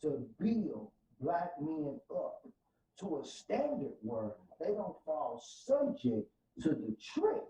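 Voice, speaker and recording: St guy preaching his story on a podcast, goes quiet then loud, kinda far off in an echoey room. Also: a little high, big pitch swings, slow pace, slight background noise. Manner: fervent, preacher-like, swings from soft to loud. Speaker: podcast guest. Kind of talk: emotional testimony in casual podcast talk. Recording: roomy, distant, dull sound.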